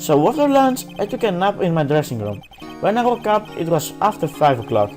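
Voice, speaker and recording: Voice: mid-range voice, big pitch swings, a little fast, a little mellow, faint music behind, pitched above the performer's own voice, natural voice. A let's player voicing a tired young male TV actor who meekly explains his day. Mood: sheepish. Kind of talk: let's play voice acting.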